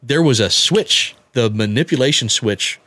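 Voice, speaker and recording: A man telling a personal story on a podcast, halting and repeating words as he acts out what people said. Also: mid-range voice, animated, fairly bright tone, dry recording. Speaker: guest telling his story.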